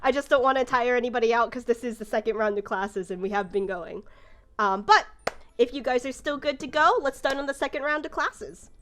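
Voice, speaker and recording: A woman's voice: a little high, fairly quick, a bit bright, slight background noise. A woman running a tabletop game as game master, narrating casually with lots of fillers. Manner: casual, rambling with many fillers.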